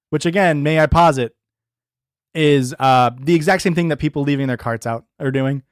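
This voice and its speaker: A man rants through a streamed commentary with swooping, lively pitch that sits a touch high for him. He talks in a profane, heated flow full of restarts. The sound is close and dry. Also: moderate pace, no echo. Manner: animated, profane, ranting with restarts. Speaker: streamer reacting to videos. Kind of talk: opinionated commentary chat.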